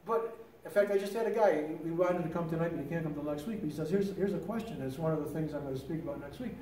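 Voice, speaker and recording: Older male lay teacher, chatty storyteller full of restarts, higher pitch, faint room hum behind. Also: quick pace, mellow, reverberant, distant mic, poor audio. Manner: conversational storytelling with many restarts. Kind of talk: teaching talk on prayer.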